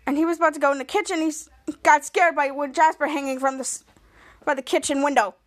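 High-pitched woman podcaster recapping a tv episode, rambly, lots of and-then, dry close sound. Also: steady tone, fast, no room sound. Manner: rambling, stringing events with "and then". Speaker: podcast host.

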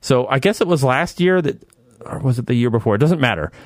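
An animated man hosts a casual sports podcast, his voice rising and falling a lot as he rambles through opinions. The sound is close and dry, with no room around it. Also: medium pitch, a little fast, dry recording. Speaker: podcast host.

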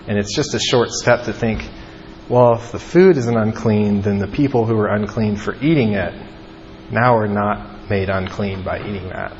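A man's voice: fairly low pitch, moderate pace. A young man giving an informal Bible teaching, talking casually with lots of "like" and "um". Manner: casual, peppered with "like" and "um". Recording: dull lo-fi audio with long reverb and faint ambient noise.

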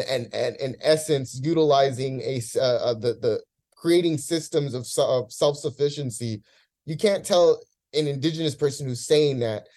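A man's voice: mid-range voice, warm tone. A man in a podcast discussion, talking in an impassioned, profane rant, visibly emotional.

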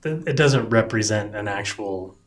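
A man co-hosting a casual talk show about design work, rambling and relaxed with lots of fillers. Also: fairly low pitch, normal speed. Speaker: podcast co-host, designer. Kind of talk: casual chat.

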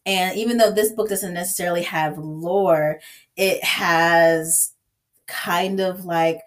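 A woman's voice: on the low side, steady tone, takes it slowly. A young woman chatting casually about a book, acting out her own reactions in quoted asides. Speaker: book discussion guest.

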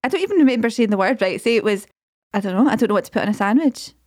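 A Scottish woman co-hosting a podcast, reacting quickly with lots of giggles. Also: a little high, lively intonation, a little mellow, no room sound, studio quality. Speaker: podcast co-host. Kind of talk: casual chat.

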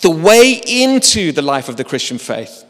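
A man's voice: fairly high pitch, sing-song, moderate pace, a bit bright, big-room sound. A man preaching a sermon in a church, talking in a conversational way with self-deprecating humor.

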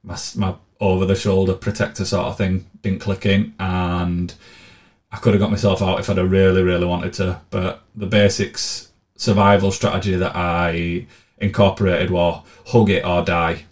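A man's voice: sits low, little pitch movement, normal speed. A man telling blunt, sweary, sardonic travel stories in a casual monologue. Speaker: vlogger.

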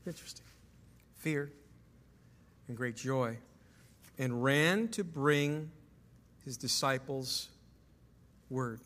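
Bright-voiced male pastor preaching in a hall. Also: medium pitch, slow, long pauses. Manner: emphatic preaching with rhetorical questions to the congregation. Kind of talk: sermon. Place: church sanctuary.

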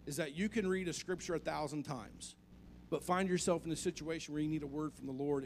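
A man's voice: fairly high pitch, vocal fry, slight background noise. A male pastor preaching a conversational sermon, asking the congregation questions and joking along the way.

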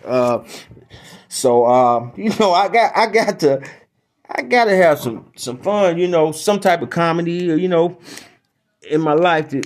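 A man's voice: fairly high pitch, animated, a little slow. Rambling man telling stories on his podcast. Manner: rambling, repetitive, emphatic. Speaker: podcast host. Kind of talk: casual comedic storytelling.

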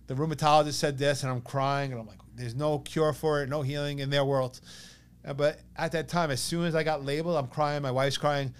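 A man in his thirties with a New York accent, telling a personal story as a podcast guest in an animated way, acting out what others said. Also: a little high, a little fast, smooth. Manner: animated, quotes others in lively bursts.

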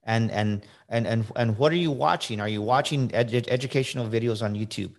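A man's voice: mid-range voice, a little fast, gravelly. Emphatic middle-aged man coaching on a podcast. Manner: emphatic, repeats words, frequent "right?". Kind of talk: casual motivational talk.

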